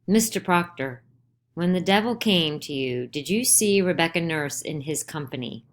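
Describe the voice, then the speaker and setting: A woman's voice: low voice, animated, normal speed. A woman voicing a stern older male judge who questions urgently and insistently in a dramatized play reading. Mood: pressing.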